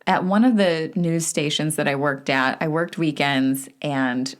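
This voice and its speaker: This is a woman with a Southern American accent who co-hosts a book club podcast. Her voice sits on the lower side. She talks in a relaxed, chatty way and laughs easily. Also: a little slow. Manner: laughs often, easy and chatty. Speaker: podcast co-host. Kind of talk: casual book club chat.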